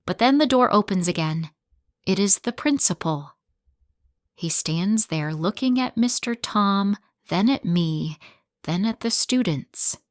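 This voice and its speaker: Female narrator for a learner story: clear, deliberate, very slow, dry. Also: mid-range voice, expressive, dry recording. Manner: simple short sentences, clear and deliberate.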